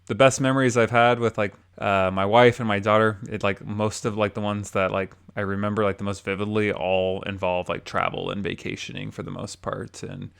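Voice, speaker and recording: A man's voice: on the low side, flat delivery, fairly quick, gravelly, hardly any pauses, a bit bright, smooth. A man hosting a casual podcast, chatty and full of filler words, often laughing. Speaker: podcast host. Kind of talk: casual chat.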